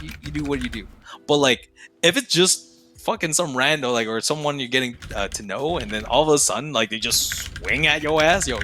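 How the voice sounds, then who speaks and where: A man's voice: medium pitch, pushed and bright. A young man, a streamer guest on a podcast, talking casually with heavy profanity and slang, laughing often.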